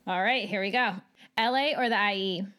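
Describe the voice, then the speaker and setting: A woman with a Midwestern accent, hosting and asking quick, playful quiz questions. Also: medium pitch, bright, forceful tone, clean tone. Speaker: host. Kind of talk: casual chat.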